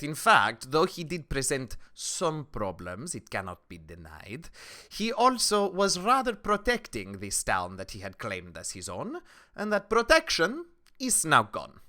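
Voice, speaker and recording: A man voicing a shrewd, businesslike woman herbalist and alchemist in a tabletop game, measured and dry. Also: medium pitch, huge pitch swings, pushed and bright, full character voice.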